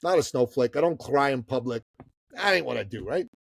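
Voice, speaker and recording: A fifty-something man from Iran spins a long anecdote as a podcast guest, his voice leaping up and dropping low as he acts out the moments. He talks casually and bluntly, swearing and tossing in "bro" and "okay?", on a dry close mic. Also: lively intonation, fairly quick, creaky, slightly rough, no room sound. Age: 50s. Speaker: guest, business coach. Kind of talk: storytelling in a podcast interview.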